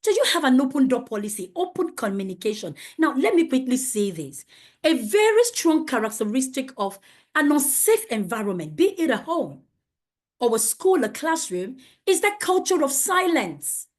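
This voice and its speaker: A woman's voice: high voice, very animated, moderate pace. A woman leading a safeguarding training for teachers, speaking emphatically and asking many rhetorical questions.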